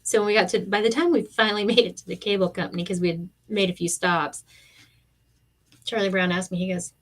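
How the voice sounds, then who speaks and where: A woman's voice: medium pitch, fast talker. A middle-aged woman, chatting casually and acting out quotes while crafting on a live stream. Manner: animated storyteller, acts out quotes.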